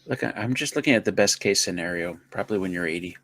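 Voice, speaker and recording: A man's voice: low voice, animated, quick pace, a bit bright. A man co-hosting a casual livestream, teasing his partner with dry jokes. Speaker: co-host. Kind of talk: casual banter.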